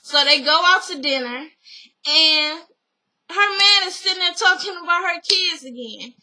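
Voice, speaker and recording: Animated young woman recapping a show. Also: extremely high pitch, unhurried, poor audio. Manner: animated, slangy, acts out quotes. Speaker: vlogger recapping a reality show. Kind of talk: casual recap chat.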